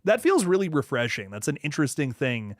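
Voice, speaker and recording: A young man hosting a horror livestream, chatting casually and reading viewer comments aloud, often laughing and dropping into low asides. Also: big pitch swings, brisk, no echo, studio quality. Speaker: horror channel host reading live chat.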